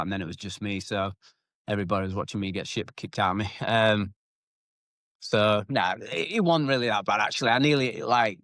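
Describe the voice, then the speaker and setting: A man's voice: fairly low pitch, no room sound. British man, retired fighter, loose and profane storyteller, close dry podcast sound. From United Kingdom. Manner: animated, swears freely, acts out shouted quotes. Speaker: retired MMA fighter, guest. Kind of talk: casual storytelling interview.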